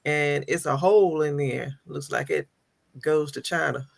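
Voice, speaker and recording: A woman gardener in a casual chat, telling a story in an unhurried way. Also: low-pitched, fairly even intonation, vocal fry, no echo.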